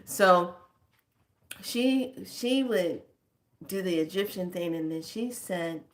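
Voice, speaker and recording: Slow, emphatic woman with a lowish voice, teaching to camera in a colloquial way. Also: lively intonation, darkish tone. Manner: slow, emphatic, colloquial; chants words drawn out. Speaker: spiritual teacher.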